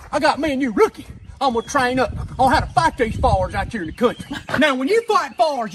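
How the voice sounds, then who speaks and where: A man doing a high, folksy country firefighter. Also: a bit bright, slight background noise. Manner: folksy, proud show-and-tell delivery. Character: boastful rural male volunteer firefighter. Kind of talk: comedy sketch character.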